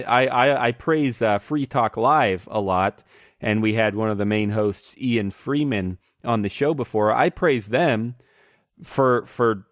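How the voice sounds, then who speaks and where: Guy hosting a podcast, gets excited, laughs a lot, dead dry sound. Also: on the low side, no echo. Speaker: podcast host. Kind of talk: casual podcast chat.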